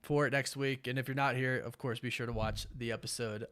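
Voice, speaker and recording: Young male host of a late-night live stream; tired, yawning, halting and rambling but upbeat. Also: mid-range voice, fairly even intonation. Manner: rambling, halting with many fillers and restarts; enthusiastic, warmly thanks viewers. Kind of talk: casual live-stream chat.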